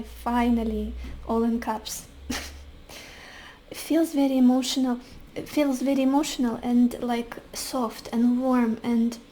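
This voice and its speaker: A woman giving a tarot reading to camera, talking softly with many pauses and fillers. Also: on the high side, slight background noise, poor audio. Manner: soft, searching, often pausing with fillers. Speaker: tarot reader.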